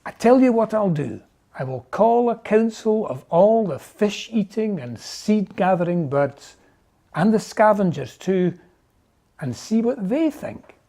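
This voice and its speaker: Casting: reader as a haughty male peacock in a storybook, slow, dark-toned. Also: mid-range voice, big pitch swings, creaky, exaggerated voice. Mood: lofty. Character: vain, grand male peacock. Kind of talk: storybook reading.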